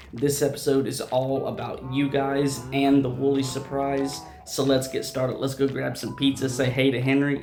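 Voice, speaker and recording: A man hosting an unscripted gameplay video, rambling and chatty, stumbling and restarting his sentences a lot. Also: mid-range voice. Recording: roomy echo.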